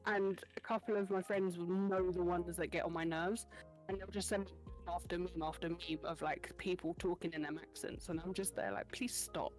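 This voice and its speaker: A British woman chatting as a guest, talkative and exasperated, with quick asides. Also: lowish voice, fairly even intonation, a little mellow, soft background music. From Britain. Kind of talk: casual chat.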